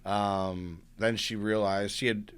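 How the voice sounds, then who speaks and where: A man speaking as a guest on a casual interview podcast, with a bright, forward tone and a smooth, resonant voice. He tells his story in a lively, joking way. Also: lowish voice, slow. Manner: animated, humorous storyteller.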